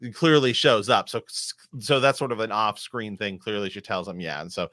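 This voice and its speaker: A man co-hosting a podcast, chatting casually as he reviews a TV episode, animated and acting out characters' lines. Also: on the low side, no echo. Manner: animated, quick bursts, acts out characters' lines. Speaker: podcast co-host.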